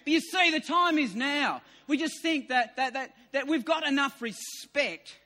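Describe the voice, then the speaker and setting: A man in his fifties delivers a sermon in a very high, bright voice. He repeats his key lines with rising emphasis and sometimes pushes them to near shouts. The long reverb of a large hall trails every phrase. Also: expressive, measured pace. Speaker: preacher.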